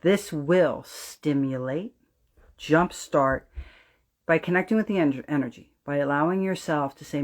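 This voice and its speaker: A woman with a New Jersey accent hosting a spiritual astrology livestream, talking emphatically and preachily to her viewers, swearing freely and dropping to an intent low voice for emphasis. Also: moderate pace.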